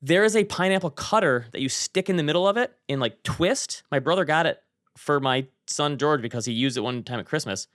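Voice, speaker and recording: A man co-hosting a podcast, telling stories in animated, chatty banter. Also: on the high side, brisk, dry recording, clean studio sound. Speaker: podcast co-host. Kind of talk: casual chat.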